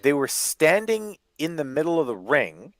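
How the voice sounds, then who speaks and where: A man's voice: on the high side, big pitch swings, moderate pace, dry recording. A man from Canada co-hosting a casual wrestling review, dry and sarcastic, swearing freely. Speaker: podcast co-host.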